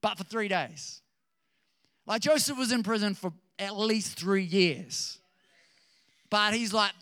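A man preaching a sermon in a conversational, animated way, with chuckling asides to his listeners. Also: sits high, slow pace, long pauses, no echo, clean studio sound.

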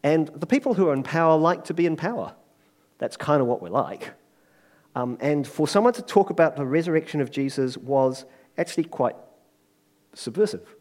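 A man preaching a sermon in a lively, conversational way, joking and acting out quotes. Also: on the high side, normal speed.

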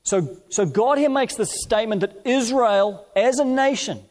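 A middle-aged man preaching a sermon as pastor, reading scripture slowly and telling stories from his own life. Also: very high-pitched, animated, darkish tone. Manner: storytelling, measured scripture reading.

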